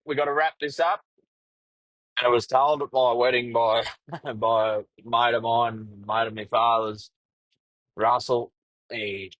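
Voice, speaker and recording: A man's voice: mid-range voice, a bit bright, no echo, low-quality recording. A man with an Australian accent hosting a casual solo podcast, talking bluntly with heavy swearing and rambling into a yarn. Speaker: podcast host, truck driver.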